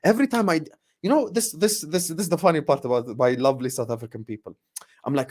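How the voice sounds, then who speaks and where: Late-20s guy doing a chill live q&a for his football channel, animated, keeps repeating himself. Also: a little high, fast. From grew up partly in the UAE. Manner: animated, repeats phrases, warm thanks to viewers. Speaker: YouTube football channel host. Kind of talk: casual live Q&A chat.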